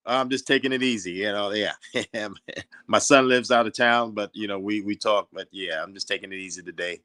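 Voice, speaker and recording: A man's voice: on the low side, fairly even intonation, brisk, pushed and bright, dry recording. A man from the United States, a guest boxing referee, answering in an easygoing, laid-back way. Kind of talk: relaxed interview answers.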